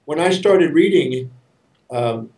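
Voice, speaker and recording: A man's voice: a little high, expressive, takes it slowly, warm tone. A man from the United States, speaking as an interview guest, tells his life story earnestly and often repeats words as he starts sentences. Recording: roomy sound from a distance.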